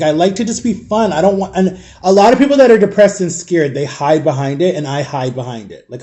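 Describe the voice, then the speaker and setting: In a mellow, fairly high-pitched voice, a young man vlogs a loose, chatty personal story. "Like" and "guys" come up again and again as he rambles.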